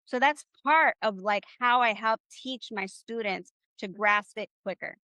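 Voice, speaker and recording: A woman teaching Spanish in a live online class, upbeat and encouraging, slowly drilling phrases with her students. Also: medium pitch, bright, forceful tone, no room sound, lo-fi sound.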